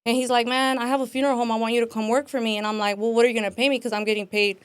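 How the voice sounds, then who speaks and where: A woman in her twenties telling her life story as an interview guest in a casual, animated way, acting out quotes and saying "like" and "man" often. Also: on the high side, rapid-fire, clean tone, dry recording.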